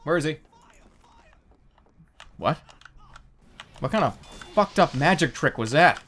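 A man giving loud, excitable gameplay commentary, yelping and swearing while desperate to pee. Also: on the high side, takes it slowly, a little hiss or hum. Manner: excitable, yelps and swears, self-mocking. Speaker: gaming YouTuber.

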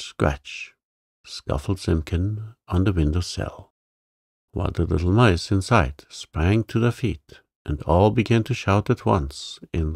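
A man reading a bedtime sleep story in a calm, soothing, gravelly voice. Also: sits low, dry recording, clean studio sound. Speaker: narrator.

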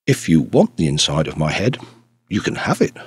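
A man's voice: fairly low pitch, huge pitch swings, unhurried, breathy edge, heavily acted. A man voicing a small, shrewd priest detective in an audiobook, speaking dryly and demurely. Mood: musing. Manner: dry, demure, quietly shrewd.

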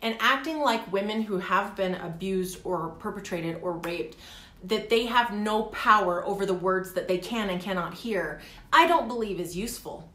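A middle-aged woman talking candidly in a personal vlog, animated and laughing often. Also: mid-range voice, moderate pace, echoey room. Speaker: vlogger. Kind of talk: casual personal vlog talk.

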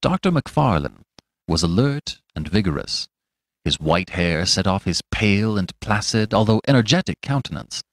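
A man who hosts a podcast, narrating a classic story in a scripted, expressive storytelling manner. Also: lowish voice, normal speed, no echo, studio quality. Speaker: podcast host and audiobook narrator.

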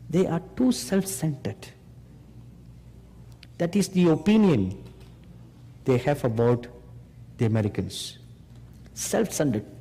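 A man preaching a sermon, slow and emphatic, pressing his listeners with rhetorical questions. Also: mid-range voice, big pitch swings, dark tone, slightly rough. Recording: long hall reverb.

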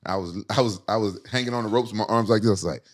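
A man's voice: fairly low pitch, fast. A middle-aged man, a fighter guest, telling stories in casual chat with lots of swearing. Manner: animated, profane storytelling.

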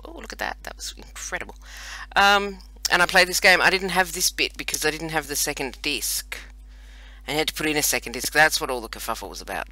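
A medium-pitched, pushed and bright voice with no room sound comes from an Australian let's play host of about forty. He keeps up chatty, self-mocking banter while playing a game.

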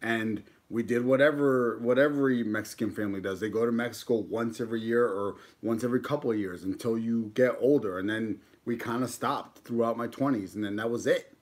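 A man in his thirties talks easily to a small live audience between bites. He is laid-back and joking, with casual swearing, and his voice sits in a medium pitch for a man. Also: a little fast, few pauses. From United States. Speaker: mukbang YouTuber. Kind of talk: casual live-stream chat while eating.

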